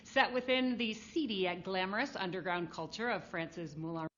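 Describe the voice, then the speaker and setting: A woman hosting a live trivia game show, bubbly, animated and playful with jokes. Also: medium pitch, normal speed, muffled recording.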